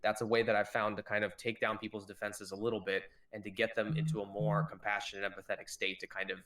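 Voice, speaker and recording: Animated low-voiced man sharing tips. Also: quick pace. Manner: animated, shifts pitch to act out quoted dialogue. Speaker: podcast co-host. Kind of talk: casual chat.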